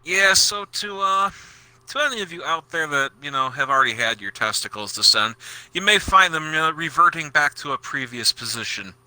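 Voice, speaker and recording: A man's voice: a little high, lively intonation, normal speed, bright, forceful tone, dry recording. A man co-hosting a casual gaming podcast, cracking crude, sardonic jokes. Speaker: podcast co-host.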